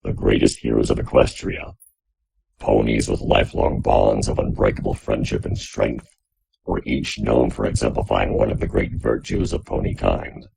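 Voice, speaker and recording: A man voicing a hovering robot orb, deep and mechanical, earnest and lecturing. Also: level tone, moderate pace, vocal fry, warm tone, breathy edge, no echo, heavily acted, low-quality recording. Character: Watcher speaking through a hovering robot orb.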